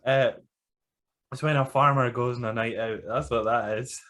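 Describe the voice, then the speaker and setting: A man's voice: mid-range voice, fairly even intonation, normal speed, fairly bright tone. A man co-hosting a casual podcast chat, blunt and sweary, laughing often. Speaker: podcast co-host.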